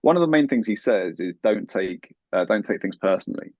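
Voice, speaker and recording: A man with a low voice speaks as an interview guest, earnest and advice-giving. The sound is dry and dull, with a lo-fi quality. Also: animated, brisk, a little mellow, slightly rough, no room sound. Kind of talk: conversational interview.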